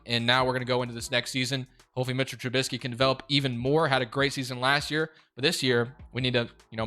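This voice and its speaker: A young man giving casual commentary over a football video game, excitable and quick to rant in frustration. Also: medium pitch. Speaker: gaming YouTuber.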